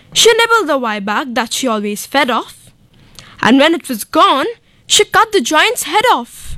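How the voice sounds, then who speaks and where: A young woman giving an expressive, deliberate poetry recitation at a school. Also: high-pitched, dry recording.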